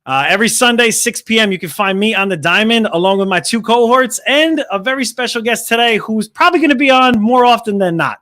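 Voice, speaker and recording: Bright high-voiced hyped male host. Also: lively intonation, fairly quick, few pauses, dry recording, clean studio sound. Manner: hyped, slangy, filler-heavy. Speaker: podcast host. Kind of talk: casual sports podcast chat.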